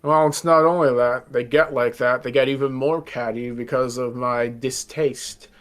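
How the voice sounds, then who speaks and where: A man's voice: medium pitch, steady tone, normal speed, a little hiss or hum, close to an everyday voice. A man playing a reserved young nobleman who is tired of formal society, speaking politely and a little formally. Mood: dry.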